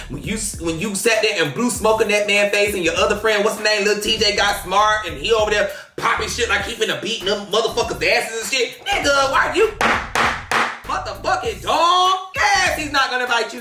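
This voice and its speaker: A man rants about celebrity gossip in a high, brassy voice, swearing freely and often shouting. His bright, sharp tone bounces around a roomy, echoey space. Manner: brash, profane, theatrical, shouts often. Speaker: host. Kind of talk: drama commentary.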